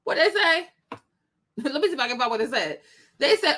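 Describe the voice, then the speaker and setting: A woman's voice: high-pitched, animated, fairly quick, long pauses, a bit bright. A woman hosting a commentary show, reacting to a clip with sassy, emphatic talk. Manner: sassy, emphatic, preachy asides.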